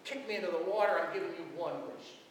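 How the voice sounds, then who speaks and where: A man's voice: sits high, fast talker, distant mic, slight background noise, lightly acted. Man doing an irate genie. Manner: grumpy, curt. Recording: echoey church heard from afar.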